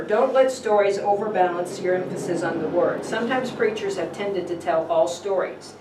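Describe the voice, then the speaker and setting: A middle-aged woman teaching a Bible college class, lively and coaxing, often checking in with her students. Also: on the low side, a little hiss or hum. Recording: echoey classroom from far off.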